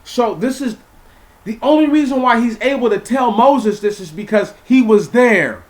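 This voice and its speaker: A man's voice: very high voice, moderate pace. A young man reading scripture aloud and breaking off to explain it casually, repeating himself and asking listeners questions. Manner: animated, repeats words, asks listeners questions. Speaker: Bible teacher. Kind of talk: informal Bible reading and commentary.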